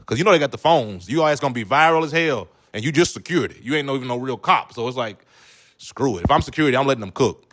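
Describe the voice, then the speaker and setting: A man's voice: fairly high pitch, fairly bright tone. A male comedian giving loose, joking reaction commentary full of slang and asides. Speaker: comedian, video host.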